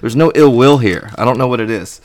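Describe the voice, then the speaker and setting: A man's voice: medium pitch, brisk, no room sound. Profane rambling man on a podcast. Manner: profane, rambling, self-mocking. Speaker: podcast co-host. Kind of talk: casual chat.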